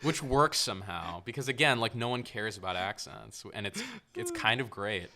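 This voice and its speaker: A man co-hosting a podcast, talking through film ideas in a measured, thoughtful way. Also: on the low side, sing-song, sharp tone. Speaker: podcast co-host. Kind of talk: casual film-discussion chat.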